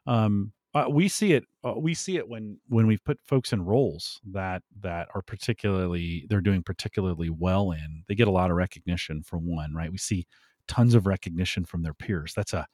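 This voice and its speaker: A man talking as a podcast guest in an animated way, laughing often and pushing up his voice for emphasis. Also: low voice, moderate pace, no room sound, clean studio sound. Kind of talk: conversational interview.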